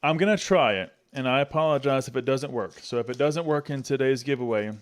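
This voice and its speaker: A man's voice: medium pitch, fairly quick. A middle-aged man hosting a casual unboxing chat, upbeat and chatty, laughing often. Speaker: channel host.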